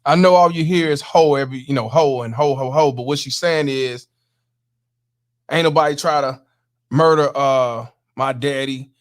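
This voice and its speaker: A man's voice: mid-range voice, normal speed. A man hosting a stream, casually explaining and reacting to clips for viewers with plenty of profanity. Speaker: host.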